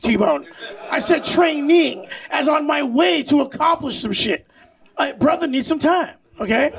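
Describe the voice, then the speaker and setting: A brash male stand-up comic working a live stage, loud and profane, often laughing at his own material. His voice sits very high with a gravelly edge. He sounds set back from the mic. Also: recorded from a distance. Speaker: stand-up comedian. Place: comedy stage before a live audience.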